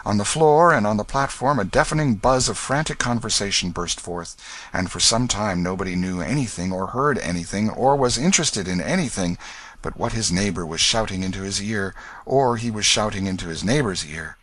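A man reading a classic novel aloud as an audiobook narrator, in a steady storytelling manner. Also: lowish voice, normal speed.

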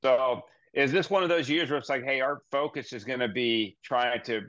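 A male podcast host chats with his guest in a relaxed, conversational way and eases into his questions. His pitch sits in the middle range. The audio sounds dull and slightly lo-fi. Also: normal speed. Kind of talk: casual interview chat.

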